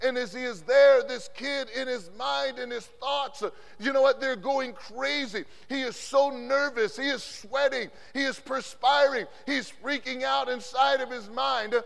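Guy preaching, high pitched and gravelly, saying amen a lot, loud then quiet, big hall echo. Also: unhurried, hardly any pauses. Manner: punctuates phrases with "amen", swings between loud and hushed. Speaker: pastor. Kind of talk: preached sermon. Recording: long hall reverb from a conference sanctuary.

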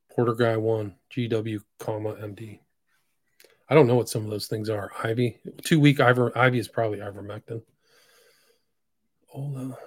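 A man hosting a solo podcast, reading posts aloud in a flat voice broken by sudden loud, emphatic bursts. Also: fairly low pitch, husky, no echo, clean studio sound. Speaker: podcast host.

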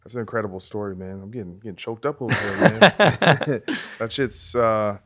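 Male podcast host, low voice, reflective and halting. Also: fairly even intonation, fairly bright tone. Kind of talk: conversational interview.

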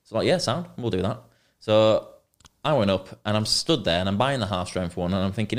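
Low-voiced young man. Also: lively intonation, brisk. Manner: rambling, swearing, banter. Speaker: podcast co-host. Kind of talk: casual chat, storytelling.

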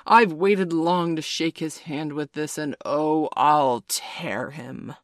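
A woman voicing a menacing, brooding male pirate captain in a storybook reading, speaking slowly and darkly with theatrical force. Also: sits low, dry recording, studio quality. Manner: slow, dark, theatrical growl.

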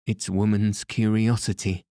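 A man's voice: lowish voice, level tone, unhurried, mellow, dry recording, clean studio sound. A man reading the lines of a frightened young woman in an audiobook, pleading and anxious. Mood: coaxing.

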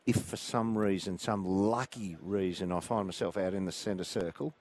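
A man, a former player, reflecting on the ground with soft laughs. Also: sits low, normal speed. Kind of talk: sports radio chat.

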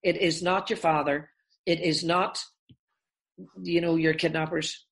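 A woman therapist, a guest on a podcast, explaining a calming technique step by step and acting out everyday examples in different voices. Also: lowish voice, measured pace. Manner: animated, acts out examples in voices.

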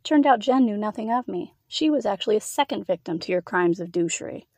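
A woman's voice: mid-range voice, animated, brisk, a little mellow, no room sound, lightly acted. A cold, commanding female boss, as a woman reads her with clipped, taunting lines. The sound is dry and close.

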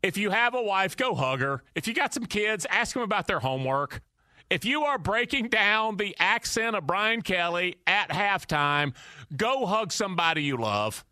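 A man's voice: sits high, sing-song, moderate pace, pushed and bright, no echo, studio quality. A man hosting a sports talk show, ranting emphatically and repeating his points. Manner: emphatic, preachy repetition. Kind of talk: animated opinion rant.

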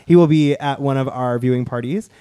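A man's voice: medium pitch, a little fast, mellow, clean tone, no room sound. A man hosting a podcast, chatting casually and playfully while reviewing. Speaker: podcast host.

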